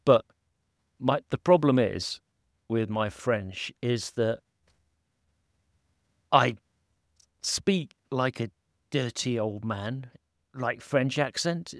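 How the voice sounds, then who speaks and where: A man's voice: mid-range voice, drawn-out words, long pauses, dry recording. Rambling man, dry close sound. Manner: rambling and self-deprecating, many fillers. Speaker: podcast host. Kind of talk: casual podcast chat. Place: holiday home indoors, at a laptop.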